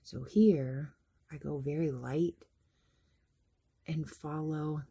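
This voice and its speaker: A woman talks through her morning makeup routine in a casual, chatty way, explaining each step as she goes. Her voice is slightly husky. She often pokes fun at herself. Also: sits low, fairly even intonation, takes it slowly, dark tone. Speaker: makeup vlogger.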